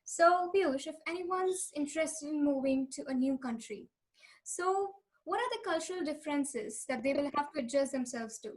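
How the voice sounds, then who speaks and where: A woman with a high voice hosts a podcast, putting simple questions to her guest. She keeps it brief and fills his pauses with quiet mm-hmms. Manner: brief prompts and steady mm-hmms. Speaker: podcast host. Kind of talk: casual interview questions.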